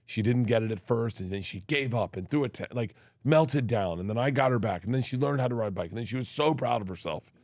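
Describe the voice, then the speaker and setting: A comedian talking as a guest in a casual chat, telling stories in a rambling way with many restarts. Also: male voice, mid-range voice, expressive, quick pace, few pauses, a little mellow, dry recording. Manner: rambling storyteller, restarts often.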